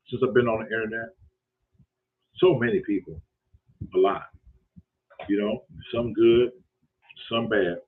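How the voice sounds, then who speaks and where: A man hosting his own show, rambling through a casual, profane story with lots of repetition. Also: mid-range voice. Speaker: show host. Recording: tinny phone-like sound.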